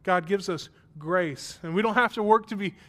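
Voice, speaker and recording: A man in his thirties, a pastor, speaks at a moderate pace with a high, fairly bright voice. During a sermon featuring a personal story, he shifts from conversational self-deprecation to emphatic praise.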